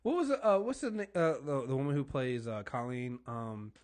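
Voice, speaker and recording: A man's voice: mid-range voice, huge pitch swings, fairly quick, darkish tone. A man co-hosting a podcast, ranting in casual chat, emphatic and swearing, often stumbling over repeated words. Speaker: podcast co-host. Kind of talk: heated casual podcast rant.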